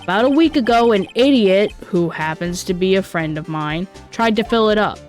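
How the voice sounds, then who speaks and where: A woman voicing an earnest young male lawyer in a slightly lowered, steady reading voice. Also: normal speed, faint music behind, natural voice.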